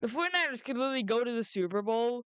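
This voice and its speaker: Woman, casual sports vlogger, smooth and fairly high, dry close sound, rambling with lots of restarts. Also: dry recording. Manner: rambling, halting, frequent restarts and self-corrections; excitable, jumps up in pitch when outraged.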